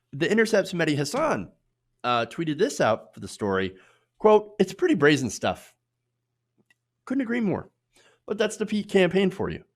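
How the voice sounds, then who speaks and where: A man's voice: high voice, huge pitch swings, a little slow, long pauses. Guy ranting about politics, sarcastic, voice swings up and down a lot. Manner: sarcastic, mocking put-on voices for quotes; loose, filler-heavy delivery with restarts. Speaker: political commentary host. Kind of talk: opinionated political commentary.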